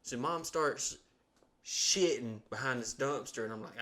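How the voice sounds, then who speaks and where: A medium-pitched, slightly slow-speaking podcast host from Alabama tells a lengthy story. He keeps it casual and profane, animatedly voicing the people he quotes.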